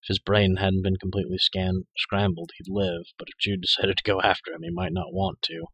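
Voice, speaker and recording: A man narrating a dark urban fantasy audiobook in the first person, with dramatic, measured storytelling. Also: low voice, gravelly, slightly rough, no room sound, muffled recording.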